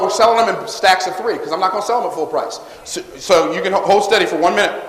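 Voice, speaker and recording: A man giving a live motivational talk on stage, calling for responses from the audience and pitching his books. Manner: energetic call-and-response with the crowd. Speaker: motivational speaker selling books. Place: large hall with live audience. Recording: echoey hall, long reverb.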